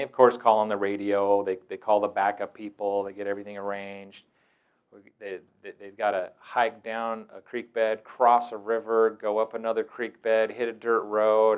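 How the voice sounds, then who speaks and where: A man hosting a talk, telling stories casually and wryly. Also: fairly low pitch. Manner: casual, wry, playfully acts out quoted voices. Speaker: host. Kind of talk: anecdotal storytelling talk.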